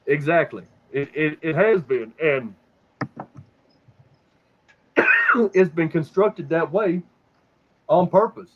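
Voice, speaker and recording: A man's voice: on the high side, noisy background. A man holds forth on a podcast in a slightly raised voice, cursing freely and circling back over his own words. The sound is dull and lo-fi. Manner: profane, rambling, repeats words when stuck. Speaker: podcast host. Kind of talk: casual conspiracy talk.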